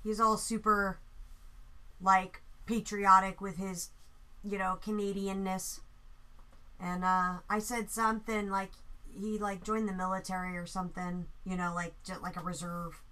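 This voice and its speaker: A young woman hosting a live painting stream, chatting casually while she works, joking, swearing freely and mimicking people in quick asides. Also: mid-range voice, little pitch movement, sharp tone, clean tone.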